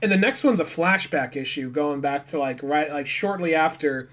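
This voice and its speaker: Young man, co-host, relaxed storytelling, slightly high voice. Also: moderate pace. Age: young adult. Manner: relaxed retelling of scenes, quoting dialogue. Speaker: podcast co-host. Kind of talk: casual chat.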